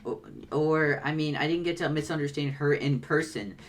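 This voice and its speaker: A woman reading a bubbly, excitable teenage girl who gushes, stammers and drops internet slang. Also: sits low, moderate pace, close to an everyday voice. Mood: wistful. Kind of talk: reading comic dialogue aloud.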